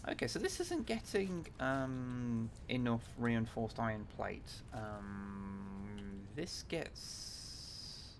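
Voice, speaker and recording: A man talks through a gaming livestream in a loose, casual way. He thinks aloud as he goes, trailing off into fillers and restarting sentences, and drops the odd swear word. His voice sits at a middling pitch for a man. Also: big pitch swings, drawn-out words, gravelly, a little hiss or hum. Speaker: livestreamer playing a factory-building game. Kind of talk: casual gameplay chat.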